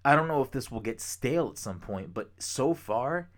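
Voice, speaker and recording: A young man co-hosting a podcast, chatting casually, rambling with excitement and swearing freely. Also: medium pitch, moderate pace. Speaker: podcast co-host. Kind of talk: casual chat.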